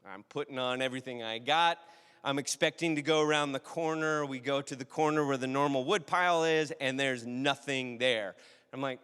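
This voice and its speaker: A man's voice: mid-range voice, normal speed, a bit bright, clear, resonant tone, big-room sound. A man preaching a sermon in a conversational, storytelling way, often asking the audience questions. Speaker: pastor.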